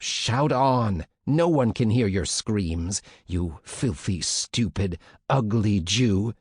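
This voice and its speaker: A man playing a brutal camp officer who shouts and snarls insults, for an audiobook. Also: on the low side, expressive, takes it slowly, breathy edge, no room sound, studio quality, heavily acted. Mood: furious shouting.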